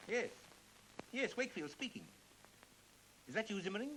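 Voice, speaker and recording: An actor playing a brisk, distracted businessman juggling phone calls in a 1930s film. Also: sits high, sing-song, fairly bright tone, poor audio. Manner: brisk, distracted, clipped replies. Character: flustered businessman on the phone, middle-aged. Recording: faintly hissy 1930s film soundtrack.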